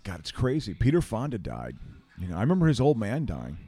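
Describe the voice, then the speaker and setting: Laid-back man, warm dark tone, agreeable rambling chat. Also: lowish voice, huge pitch swings, a little fast, slightly rough. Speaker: viewer commenting on a TV broadcast. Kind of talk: casual chat.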